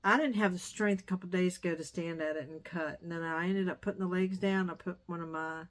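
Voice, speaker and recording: Speaking a little fast in a low, steady voice, a middle-aged vlogger chats casually from the dining room she uses for sewing. She rambles away from her topic and then finds her way back.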